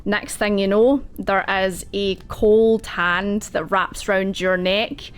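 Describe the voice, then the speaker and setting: Woman game master, slow, rambling narration full of asides. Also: medium pitch, steady tone, smooth. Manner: loose, rambling narration with many fillers and asides.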